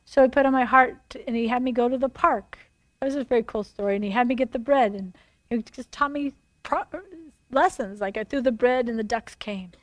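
A woman preaching a sermon, telling stories in an animated, emphatic way and acting out dialogue. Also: on the high side, brisk, no room sound.

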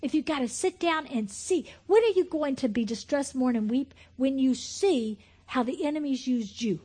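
A high-voiced woman in her fifties delivers a sermon with a husky, breathy edge. She shifts from loud excited outbursts to near-whispered intimacy. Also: normal speed. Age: 50s. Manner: swings from loud excited exclamation to hushed whispering, laughs often. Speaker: preacher.

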